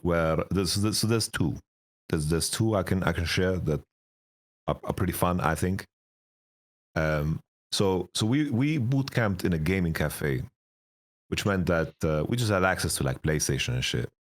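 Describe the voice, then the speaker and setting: A man in his thirties, a guest telling profane, rambling stories in a casual interview, his voice getting raspy. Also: sits low, animated, moderate pace. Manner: rambling, profane, laughing storyteller. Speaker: esports coach, interview guest.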